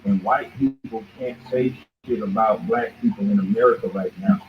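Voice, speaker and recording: Over music, a show host with a fairly low voice delivers a heated, confrontational rant at a moderate pace, jabbing at his target as "boy" throughout. The recording is tinny and phone-like, with faint noise.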